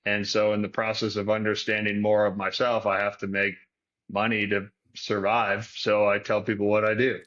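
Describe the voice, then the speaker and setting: Bright-voiced man musing philosophically. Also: on the low side, monotone, normal speed, lo-fi sound. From Detroit, Michigan. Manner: philosophical, thinks aloud with restarts. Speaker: guest, performance coach. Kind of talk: reflective podcast conversation.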